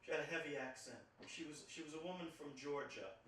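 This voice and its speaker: An older man from New York telling a personal story in a reflective, halting way, often repeating words as he recalls. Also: a little high, fairly bright tone, slight background noise. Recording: very echoey room, distant mic.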